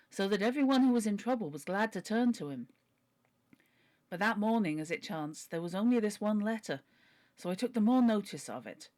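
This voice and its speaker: A woman's voice: mid-range voice, a little mellow, close to an everyday voice. A woman voicing a humble, pleading older male butler while reading a novel aloud. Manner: earnest, deferential, begging.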